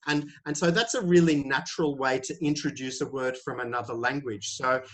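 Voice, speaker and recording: Hesitant teacher on a call. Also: male voice, medium pitch, a little fast, fairly bright tone. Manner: hesitant, many fillers and restarts. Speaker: IELTS teacher. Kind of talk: answering questions in a webinar. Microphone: video call.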